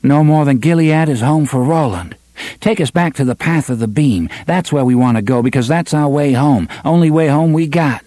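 A man's voice: moderate pace, dark tone, no echo, studio quality, lightly acted. A man doing a fearless folksy young woman. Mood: defiant. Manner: raised pitch, drawling folksy speech.

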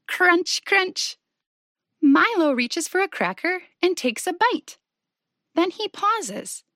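A woman reading a children's story aloud in a gentle, sing-song way, speaking to young listeners. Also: sits high, dry recording, clean studio sound.

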